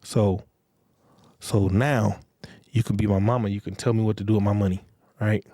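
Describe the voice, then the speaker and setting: A man's voice: lowish voice, fairly even intonation, normal speed, dark tone, no room sound, studio quality. A man hosting a podcast, giving relationship advice in a blunt, profane, lecturing monologue and repeating phrases for emphasis. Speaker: podcast host.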